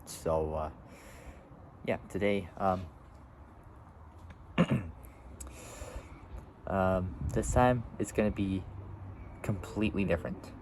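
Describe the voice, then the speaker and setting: A man's voice: low-pitched, takes it slowly, pauses often, darkish tone, a little hiss or hum, rough recording. A seventeen-year-old boy vlogging outdoors, rambling casually with lots of fillers and restarts. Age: teens. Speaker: YouTuber. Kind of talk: casual vlog.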